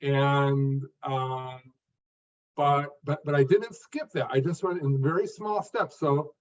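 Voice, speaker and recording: Measured man speaking phrase by phrase. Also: a little high. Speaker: guest, stuttering coach. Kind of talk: interview answer. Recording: distant, dull lo-fi audio.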